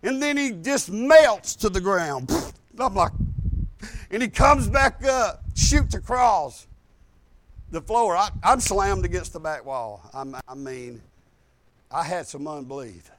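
A man's voice: high voice, slow, fairly bright tone, slight background noise. A middle-aged man, preaching a rambling, earnest testimony in folksy grammar. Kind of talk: testimony in a sermon.

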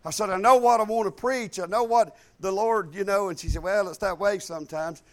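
A male pastor preaching a live sermon, rising loud and high on key points and dropping to quiet asides, with frequent repeated words. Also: a little fast.

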